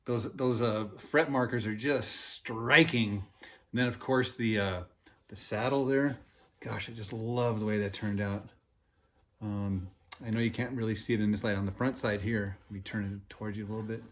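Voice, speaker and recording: A man with a relaxed, folksy, enthusiastic manner, chatting casually through a workshop demo of a guitar he built. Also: on the low side, moderate pace, slight background noise. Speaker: cigar box guitar builder. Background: guitar playing.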